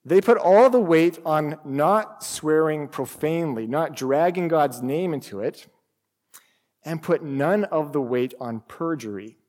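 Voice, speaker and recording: A man's voice: on the high side, a little mellow, big-room sound. A man preaching a sermon, explaining scripture with emphatic rhetorical questions. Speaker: pastor.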